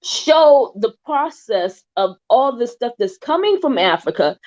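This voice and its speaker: A woman's voice: a little high, a little slow. Woman chatting on a podcast, emphatic, goes off on tangents, kinda dull lo-fi sound. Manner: animated, emphatic, digresses. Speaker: guest. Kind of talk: casual podcast chat. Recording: dull lo-fi audio.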